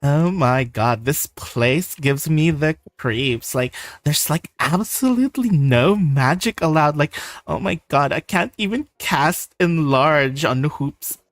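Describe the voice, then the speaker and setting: A man's voice: on the high side, expressive, slow pace, hardly any pauses, no room sound. Man putting on a gushing valley-girl noblewoman. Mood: gossiping. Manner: gushing, keeps saying "oh my god".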